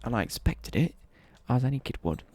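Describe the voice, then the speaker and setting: A man's voice: mid-range voice, sing-song, brisk, a little mellow. A young English man telling a rambling childhood story on a livestream, swearing freely and correcting himself mid-sentence.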